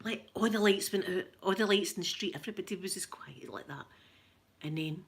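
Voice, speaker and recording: A Scottish woman with a rough voice, chatting casually and laughing as she tells stories to viewers on a live stream. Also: mid-range voice, animated, a little fast, a bit bright. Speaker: livestream host chatting with viewers.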